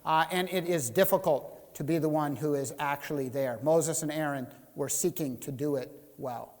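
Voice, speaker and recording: A man preaches from the pulpit in a high, carrying voice. He reads scripture and voices the grumbling people with emphatic swings. His words trail into a long reverb from a church sanctuary. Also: moderate pace, a little mellow. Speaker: pastor. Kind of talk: sermon.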